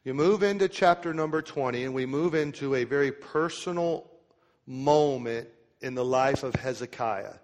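A male preacher delivers a sermon, slowing down to read scripture aloud and then explaining it in everyday speech. His voice sits at an ordinary middle pitch. A long reverb trails his words through the church. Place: church sanctuary.

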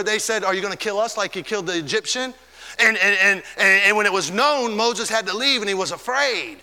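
A man preaching a fervent sermon, stretching key words and swinging between loud and soft. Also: high-pitched, big-room sound.

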